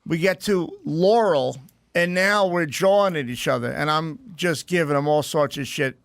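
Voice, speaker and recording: Gravelly, brash high-pitched man. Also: normal speed, dry recording. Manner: brash, profane storytelling. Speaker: guest. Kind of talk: casual chat.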